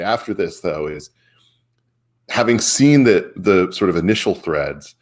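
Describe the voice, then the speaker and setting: A man hosting a casual political chat, talking in a rambling way with many fillers. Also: deep voice. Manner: rambling, filler-heavy, asks questions. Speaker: podcast host.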